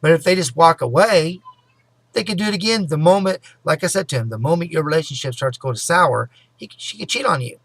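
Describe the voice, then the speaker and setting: A man vlogging a rambling personal story to his viewers, full of "you know" and "anyway," sometimes fast and loud. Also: fairly high pitch, expressive, no echo. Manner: talks fast and loud at times. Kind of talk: casual personal storytelling to camera.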